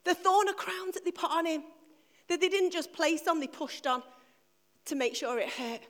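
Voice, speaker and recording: Middle-aged woman preacher with a very high voice, storytelling Easter sermon with emphatic repetition. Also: moderate pace, a bit bright.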